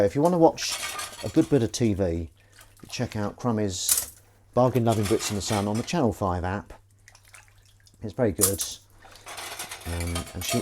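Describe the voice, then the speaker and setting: A man's voice: on the low side, noisy background. A man hosting a casual livestream, chatting and reading viewer comments while he washes dishes in his kitchen. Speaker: livestream host. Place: home kitchen at the sink. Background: clinking cutlery and running water.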